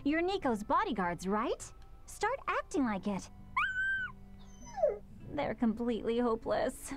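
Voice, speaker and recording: A woman voicing a composed young woman in a video game, a protective older sister who talks calmly and quietly firm. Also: fairly high pitch, measured pace, over loud music. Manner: calm, level, quietly firm. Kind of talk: game voice acting.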